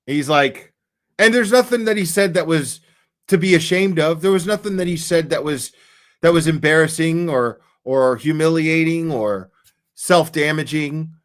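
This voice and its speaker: A man's voice: a little high, moderate pace. A man hosting a live stream, reacting to an interview clip in a rambling, profane, emphatic way.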